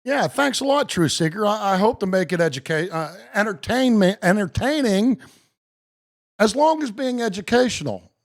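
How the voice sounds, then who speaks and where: A man live-streaming, joking with viewers by name and reading case law aloud slowly and with emphasis. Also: sits high, animated. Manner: slow, emphatic reading of legal text.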